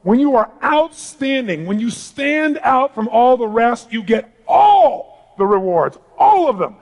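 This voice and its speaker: A middle-aged man giving an animated motivational seminar talk to a live audience in a large hall, calling for responses. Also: extremely high pitch, measured pace. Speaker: motivational speaker.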